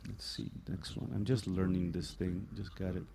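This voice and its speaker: A man's voice: low voice, flat delivery, normal speed, vocal fry, noisy background. A man casually demonstrating a vocal effects unit on a livestream, thinking aloud and chuckling as he tweaks settings in his home studio. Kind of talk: casual livestream demo chat. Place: home studio with an equipment rack. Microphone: desk microphone.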